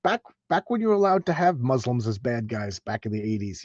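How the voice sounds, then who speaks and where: A man gushing over a comic book page by page, excitable and often stumbling and restarting. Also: medium pitch, fast talker, no room sound, dull audio. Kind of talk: enthusiastic comic page read-through.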